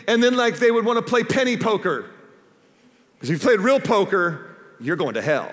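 A man preaching a sermon as pastor, animated and humorous, asking the congregation questions. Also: sits high, moderate pace, long pauses, big-room sound. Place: church stage before a live congregation.

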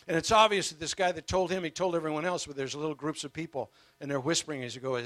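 A man preaching a sermon, telling a story with passion and emphatic swings in loudness. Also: a little high, steady tone, fast talker, few pauses, dry recording.

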